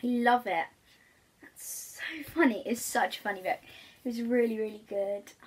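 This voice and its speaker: A woman reading a picture book aloud to young children, gentle and chatty with her viewers. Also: on the high side, normal speed, slightly rough.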